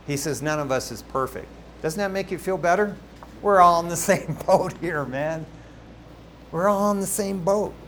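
Male pastor, fairly high voice, chatty storytelling sermon, faint background noise. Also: moderate pace. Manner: animated, conversational storytelling with asides to the congregation.

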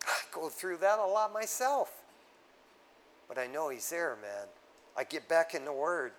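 A male pastor preaching a sermon in a casual, conversational way, often calling listeners "man" and swinging from loud exhortation down to low, hushed tones. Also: low-quality recording.

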